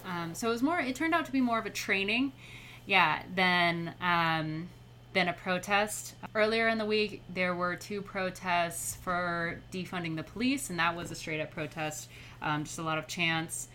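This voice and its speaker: A young adult woman speaking as a podcast guest in casual conversation, chatty and quick to laugh. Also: on the low side, sharp tone, a little hiss or hum.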